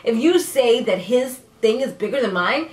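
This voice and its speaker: Sassy, animated woman recapping TV. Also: moderate pace. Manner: animated, sassy, dramatic pitch jumps; laughs often while talking. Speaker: TV recap vlogger. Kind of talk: casual chatty TV recap. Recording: echoey room.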